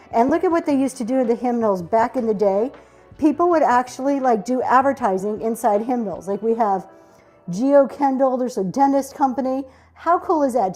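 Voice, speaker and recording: A woman with a fairly high, warm voice hosts a casual livestream auction of vintage pieces. Every item she presents gets gushing praise, and her relaxed patter is full of "um" and "y'all."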